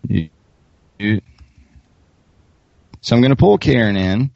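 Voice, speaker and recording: A man's voice: fairly low pitch, takes it slowly, gravelly, dry recording. A man with a Southern accent hosting a podcast, joking around and telling stories in casual chat. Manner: joking, animated storyteller. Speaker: podcast host. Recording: dull lo-fi dry sound.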